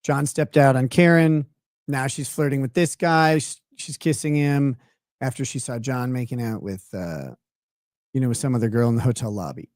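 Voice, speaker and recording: A man's voice: medium pitch, moderate pace, no echo, clean studio sound. A man giving sarcastic live commentary on a court trial as host of his stream. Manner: animated, sarcastic, mocking.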